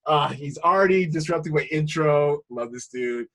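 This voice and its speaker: A man's voice: fairly high pitch, moderate pace, fairly bright tone. A man hosting a casual film podcast, playful and hyped, laughing often. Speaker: podcast host.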